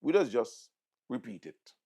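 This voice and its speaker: A man's voice: mid-range voice, very animated, measured pace, gravelly, dark tone, breathy edge. A middle-aged man with a Vincentian accent, hosting political commentary in a mocking, sarcastic manner and repeating words for emphasis. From St Vincent and the Grenadines. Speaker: host.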